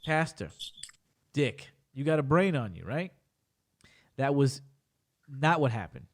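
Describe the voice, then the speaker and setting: A young man hosting a casual podcast chat, telling stories in an animated, exaggerated way with plenty of swearing and mock-serious rants. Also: medium pitch, slow pace. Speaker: podcast host.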